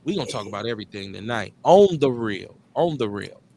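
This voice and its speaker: A man's voice: on the low side, expressive, fairly quick, vocal fry, dark tone, a little hiss or hum. Laid-back slangy Midwestern radio host man. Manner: laid-back, slangy, drawls and repeats phrases. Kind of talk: casual live call-in show chat.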